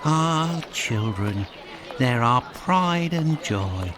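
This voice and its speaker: Odd fawning street seller; slow, mid-pitched, crowd noise behind. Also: male voice, expressive. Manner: fawning, calls customers my lord. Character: odd male kebab seller, oily and obsequious.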